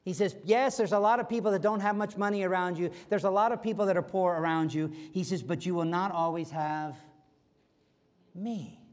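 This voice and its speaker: A man preaching a sermon as pastor, animated and acting out quoted voices. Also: high voice, brisk. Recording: long hall reverb.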